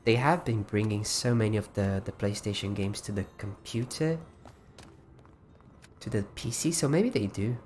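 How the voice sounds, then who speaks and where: A man's voice: fairly low pitch, moderate pace, a little mellow, slight background noise. A man hosting a casual livestream, chatting loosely with frequent restarts while walking viewers through his creation. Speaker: livestream host.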